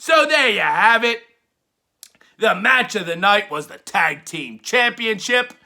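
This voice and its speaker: A rowdy man recapping wrestling for laughs, with a crude streak. His voice sits high with a gravelly edge and a sharp, bright bite. He talks slowly and swoops up and down, hollering his punchlines long and drawn out. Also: expressive. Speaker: wrestling show reviewer.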